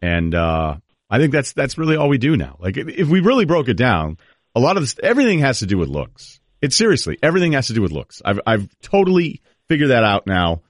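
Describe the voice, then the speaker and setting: A man hosting a talk show jokes around with his guest in easygoing, casual chat, often trailing off and starting over. His medium-pitched voice swoops wildly in pitch and moves a little fast. The recording is dry and studio quality.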